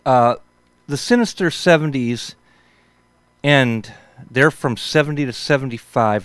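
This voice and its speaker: In a clean recording with no room sound, a medium-pitched male host in his fifties spins loose, laid-back stories. "Man" and "for sure" come up again and again.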